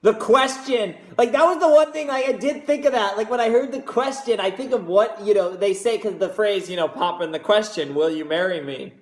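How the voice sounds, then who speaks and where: A man hosting a reaction video, gushing excitedly and swearing heavily in casual commentary. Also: sits high, fairly quick, few pauses. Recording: roomy echo.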